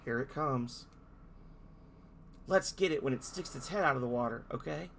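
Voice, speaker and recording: A man's voice: medium pitch, moderate pace, vocal fry, a bit bright, a little hiss or hum. A man giving casual, rambling commentary while playing a game, hesitant with many restarts. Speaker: gamer playing a game on stream.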